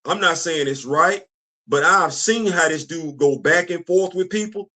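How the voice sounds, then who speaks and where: Man, middle-aged, casual livestream host, animated, high-pitched. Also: measured pace. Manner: animated, laughing often, answering chat.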